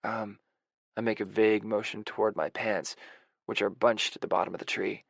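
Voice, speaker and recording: A man narrating a romance audiobook in the first person, soft and introspective, with a self-deprecating manner. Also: fairly low pitch, fairly even intonation, normal speed, creaky, no echo.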